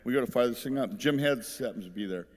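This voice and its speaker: A man's voice: mid-range voice, fast talker, husky. A middle-aged man giving a rambling, humorous acceptance speech, telling stories in a folksy way and laughing at his own jokes. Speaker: hall of fame inductee giving a speech. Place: large ceremony hall. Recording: long hall reverb.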